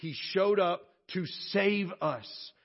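A man's voice: high voice, slow, highs cut off. A male pastor preaching a sermon at a church worship service, earnest and conversational, with frequent restarts and asides.

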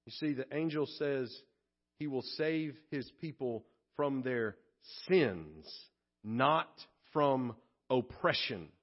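A man's voice: medium pitch, animated, slow pace, dull audio. A male pastor preaching a sermon at a church worship service, earnest and conversational, with frequent restarts and asides.

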